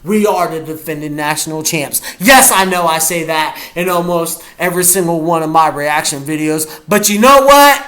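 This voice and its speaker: Guy hyping up his team in a reaction vid, high bright voice, yelling a lot. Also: normal speed, hardly any pauses. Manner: hyped, cheering, often shouting. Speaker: sports fan reacting to a game. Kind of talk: live game reaction vlog.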